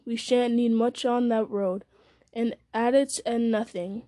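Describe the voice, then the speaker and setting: A woman's voice: a little high, fairly even intonation, a little slow, mellow, no room sound, studio quality, lightly acted. A woman voicing a weary, burdened male hobbit who speaks in a sorrowful, strained way. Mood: resigned.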